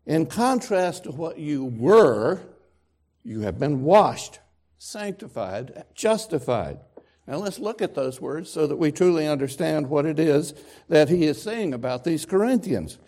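A man preaching a sermon to a congregation, emphatic and deliberate with dramatic pauses. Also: on the high side, sing-song, warm tone. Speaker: pastor. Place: church sanctuary with congregation.

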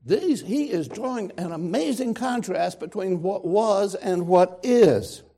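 A man preaching a sermon to a congregation, emphatic and deliberate with dramatic pauses. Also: high voice, expressive, warm tone, husky. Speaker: pastor. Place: church sanctuary with congregation.

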